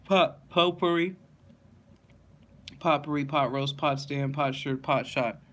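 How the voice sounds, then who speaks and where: A man reading a list of words aloud one by one, steady and plain, with small slips and self-corrections. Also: on the high side, slow pace.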